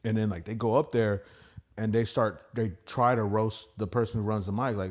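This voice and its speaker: A man's voice: lowish voice, moderate pace. A man who does stand-up, a podcast guest telling stories in a rambling, profane way and acting out the voices of people he quotes. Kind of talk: casual podcast storytelling.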